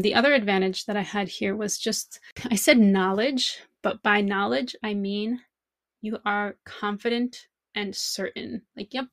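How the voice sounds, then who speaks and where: Woman podcaster with vocal fry. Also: medium pitch, dry recording. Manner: thinking aloud with many rhetorical questions. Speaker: podcast host and language teacher. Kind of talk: reflective podcast monologue.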